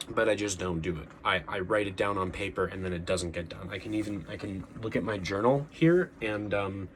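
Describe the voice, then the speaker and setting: Young man, low voice, earnest rambling vlog talk, faint background hum. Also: a little fast, fairly bright tone. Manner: earnest, rambling, frequent restarts and fillers. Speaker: vlogger. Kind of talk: casual talking-head monologue.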